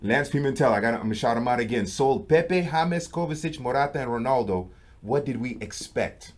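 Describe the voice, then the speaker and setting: A man co-hosting a sports show who leads the football chat in a relaxed, joking way and reads out viewer comments. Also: medium pitch, fairly quick. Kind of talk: casual football talk.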